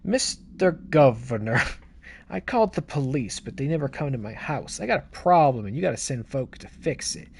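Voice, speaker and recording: A folksy middle-aged man, put on by a game streamer reading a letter aloud, earnest and plain-spoken, with slack grammar. He sounds worried and insistent as he lays out his trouble, his voice sitting a touch lower than the streamer's own. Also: expressive, normal speed, creaky, breathy edge. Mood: earnest complaint.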